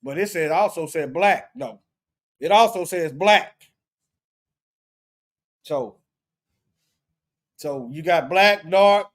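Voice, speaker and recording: Taking his time and pausing often, a man with a slightly high voice works through an informal Bible study. He talks casually while he checks words in a lexicon, repeating himself and starting phrases over.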